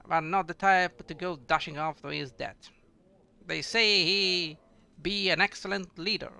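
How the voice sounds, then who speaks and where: A man voicing a boastful female dwarf warrior with rough, folksy speech while reading game dialogue aloud. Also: high-pitched, bright, forceful tone, heavily acted.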